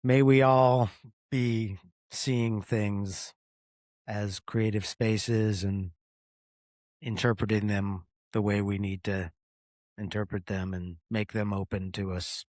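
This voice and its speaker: A man's voice: on the low side, slow, dry recording, studio quality. A man hosting a podcast, giving reflective, affirming responses in casual conversation. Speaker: podcast host.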